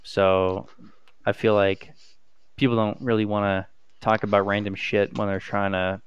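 A young man, a student, chatting casually in a halting, hesitant way, with many restarts and fillers. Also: on the low side, flat delivery, clean tone, no echo, lo-fi sound. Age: young adult. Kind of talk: casual chat.

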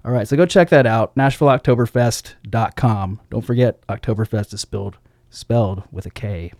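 A man's voice: on the low side, moderate pace, darkish tone, no room sound. Laid-back male radio DJ, dry sound. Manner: laid-back, reads liner notes aloud, chuckles at his own slips. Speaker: radio DJ host. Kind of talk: casual radio show chat.

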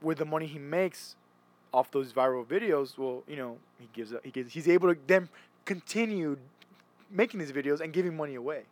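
A man's voice: fairly high pitch, a little fast, a little mellow. A young man chatting casually, rambling and restarting often as he retells stories. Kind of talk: casual chat.

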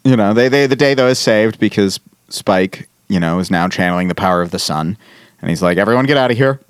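Low, smooth-voiced man recapping with energy. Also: no echo, clean studio sound. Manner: animated storyteller, quoting characters in quick bursts. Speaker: podcast host. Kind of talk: casual chat recapping a TV episode.

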